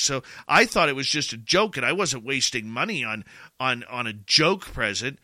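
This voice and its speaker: A man's voice: mid-range voice, animated, moderate pace, pushed and bright, dry recording. A middle-aged man hosting a show, telling a rambling, emotional story in casual chat and often repeating himself.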